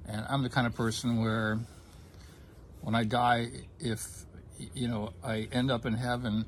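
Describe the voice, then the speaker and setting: A man of ordinary pitch recounts a personal story in an easy conversational way, pausing and restarting often. His voice carries real emotion, and a faint hiss sits under the recording. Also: level tone. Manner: halting, with many fillers and restarts; emotional, gets choked up. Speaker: guest telling his story. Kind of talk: casual conversation.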